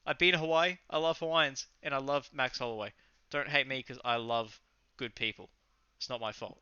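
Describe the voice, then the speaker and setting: A man's voice: mid-range voice, steady tone, a little fast, bright, forceful tone, smooth, no room sound. A young Australian man co-hosting a casual fight recap, talking loosely and enthusiastically, with some swearing and rambling. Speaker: podcast co-host. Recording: slightly muffled lo-fi audio.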